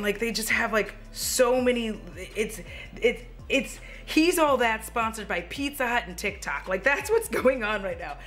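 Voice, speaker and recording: A woman in her thirties giving a casual, chatty movie review at home, animated and quick to laugh and swear. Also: on the high side.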